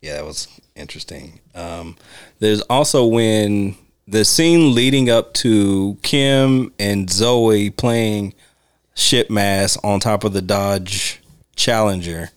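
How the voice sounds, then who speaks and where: A man's voice: fairly low pitch, takes it slowly, clean tone, dry recording, clean studio sound. A man co-hosting a podcast, talking casually about a movie, laughing often and acting out lines from scenes. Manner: laid-back, laughs often, acts out quotes. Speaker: podcast co-host. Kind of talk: casual film discussion.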